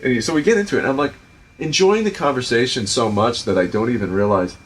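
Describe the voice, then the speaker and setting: A middle-aged man with a Providence, Rhode Island accent, hosting a casual chat and telling stories about directing in an animated, profane way with lots of fillers. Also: medium pitch, fast, a little hiss or hum. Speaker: podcast host and film director.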